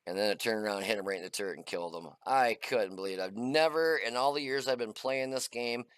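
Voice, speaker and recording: A man's voice: lowish voice, fast talker, a bit bright, no room sound. Folksy middle-aged man narrating gameplay. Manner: chatty, folksy, many uh fillers. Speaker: gaming channel host. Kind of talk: casual gameplay commentary.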